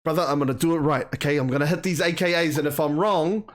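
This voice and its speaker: A man hosting a podcast, talking in an energetic, slangy casual chat. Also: fairly high pitch, fast. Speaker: podcast host.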